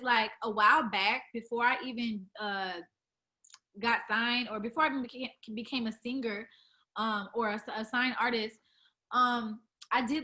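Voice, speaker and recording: A woman's voice: on the high side, bright, forceful tone. A young woman who sings R&B, chatting casually in an interview, full of fillers and restarts. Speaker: R&B singer, interview guest.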